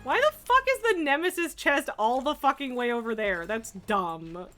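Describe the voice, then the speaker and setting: A woman's voice: sits high, animated, moderate pace, sharp tone, faint music behind. A woman streaming a game, chatting casually, laughing often and swearing freely. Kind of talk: casual chat while gaming.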